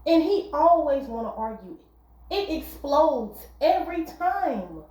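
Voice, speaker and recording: A woman's voice: high voice, very animated, takes it slowly, dark tone, echoey room, poor audio. A woman giving relationship advice in a casual, earnest monologue, repeating her points. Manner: earnest, repetitive, conversational.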